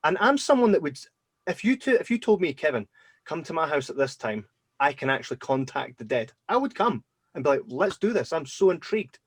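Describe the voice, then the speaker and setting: A man hosting a podcast, telling personal stories in a casual, animated way and acting out his own reactions. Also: a little high, fairly quick, breathy edge, no echo. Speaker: podcast host. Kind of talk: casual storytelling chat.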